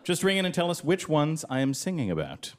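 A man's voice: on the high side, huge pitch swings, fairly quick. A man co-hosting a live quiz show, delivering dry jokes. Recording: live audience clearly heard.

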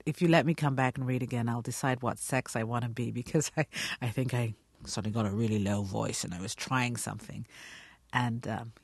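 A woman's voice: very deep voice, fairly even intonation, a little fast, vocal fry, husky, no echo. Thoughtful British-accented middle-aged woman, dry sound. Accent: British English. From Guyana. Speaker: actress, interview guest. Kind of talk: radio interview.

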